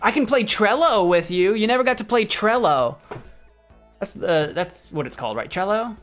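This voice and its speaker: A man's voice: sits high, animated, moderate pace, fairly bright tone, faint music behind. A man streaming a video game, chatting casually, laughing often and thinking aloud as he reacts to what happens on screen. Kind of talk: casual let's-play commentary.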